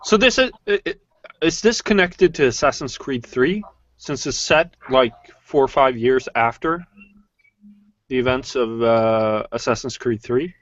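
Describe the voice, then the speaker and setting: A man's voice: medium pitch, measured pace, no room sound, highs cut off. A man from Norway chatting casually with friends in a live group hangout, stammering, restarting and swearing often.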